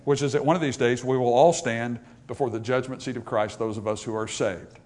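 Brisk and steady in tone, a man with a medium-pitched voice gives an emphatic sermon. His delivery rises to loud, raised passages and drops to quiet asides, and he reads scripture in archaic wording.

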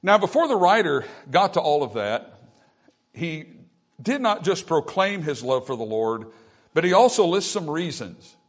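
A man preaching with a fairly high voice, leaning hard into the quoted lines and calling out to his listeners for agreement. He swings between loud emphatic phrases and quieter, conversational asides. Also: very animated, a little slow. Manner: emphatic preaching with call-and-response "Amen?". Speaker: pastor. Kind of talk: sermon.

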